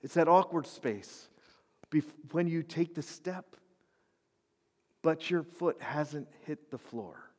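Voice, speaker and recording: High-voiced preacher in a reverberant hall. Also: male voice, slow pace, long pauses. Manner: swings from hushed whispers to loud shouted climaxes. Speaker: pastor. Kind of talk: sermon.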